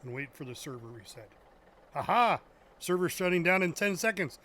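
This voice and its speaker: Joking male gaming streamer, slightly high voice. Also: animated, normal speed, bright, forceful tone, slight background noise. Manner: joking, chuckles at his own puns. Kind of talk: casual live gameplay chat.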